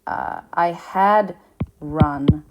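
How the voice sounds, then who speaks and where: A woman teaching a recorded lesson, explaining slowly, with fillers and restarts. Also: low voice, background noise. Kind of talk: recorded lecture.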